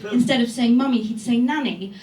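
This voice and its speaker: A woman's voice: on the high side, a little fast, roomy sound, distant mic, very noisy. A woman comedian doing a punchy, conversational stand-up set, recorded live from the stage of a comedy club. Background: laughing audience.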